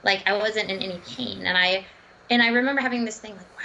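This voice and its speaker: A woman with a gravelly, bright edge to her voice tells her story in a casual interview. She is animated and slips into the voices of the people she quotes. The sound is dull and lo-fi, with faint noise underneath. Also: medium pitch, fairly quick. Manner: animated, acts out quoted dialogue. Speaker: dietitian and runner.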